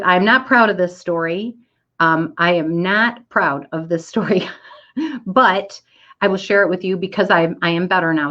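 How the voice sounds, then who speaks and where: Lively storytelling woman, muffled audio. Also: on the low side. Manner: animated, acts out quoted voices. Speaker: speaker giving a talk. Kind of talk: storytelling talk. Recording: dull lo-fi audio.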